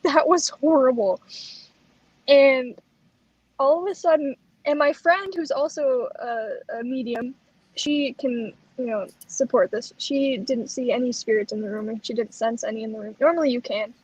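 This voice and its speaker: A woman co-hosting a chat show, telling a personal story in a lively way and acting out the lines she quotes. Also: high-pitched, husky, dry recording, low-quality recording. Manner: animated, acts out quoted lines. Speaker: co-host.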